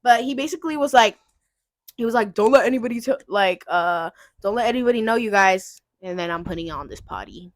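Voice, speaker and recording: A woman's voice: medium pitch, fairly quick, no room sound. A young woman, a podcast co-host, telling stories in casual chat and acting out the people she quotes. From Southern California. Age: young adult. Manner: animated storyteller, mimics people she quotes; giggly, laughs through lines.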